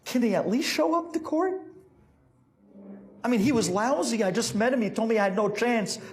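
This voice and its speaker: A frantic businessman facing trial, pleading and exasperated as a storyteller acts him out. His voice runs high and jumps all over the place. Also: big pitch swings, normal speed, darkish tone.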